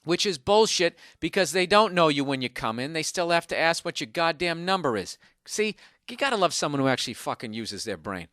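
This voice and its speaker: A man in a hotel room rants into a single microphone, swearing freely and sarcastically as a comedy podcast host. His voice is bright and crisp, and the room sounds dry and close. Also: fairly high pitch, sing-song, brisk, hardly any pauses, no echo. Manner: profane, ranting, sarcastic. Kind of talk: casual comedic rant. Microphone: single microphone, no headphones.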